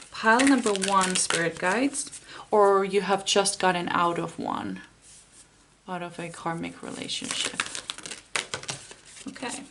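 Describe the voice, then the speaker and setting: A woman giving a pick-a-card tarot reading, talking softly and encouragingly with frequent pauses and fillers. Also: lowish voice, noisy background. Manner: soft, unhurried and encouraging, with many fillers.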